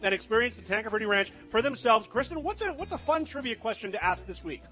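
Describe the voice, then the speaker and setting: A man's voice: high-pitched, animated, quick pace, pushed and bright. A man hosting a live radio food show from a ranch, gushing enthusiastically about the dishes. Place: live remote broadcast from a ranch saloon.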